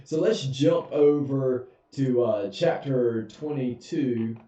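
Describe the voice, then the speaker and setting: A man's voice: mid-range voice, slow, mellow. A man, a pastor giving a casual, humorous Bible study in a church sanctuary. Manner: folksy, humorous, chuckles often. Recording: echoey, dull, far from mic.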